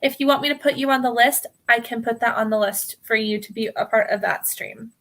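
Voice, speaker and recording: A woman's voice: on the high side, brisk. An American woman hosting a live tarot stream, reading viewer names aloud, often laughing and calling people hon. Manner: warm, apologetic, giggly, calls viewers hon.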